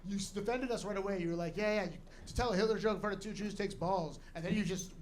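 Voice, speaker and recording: A man hosting at a comedy club, giving comics feedback in an excited, rowdy way. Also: high-pitched, quick pace, a little hiss or hum. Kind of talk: emcee feedback and banter.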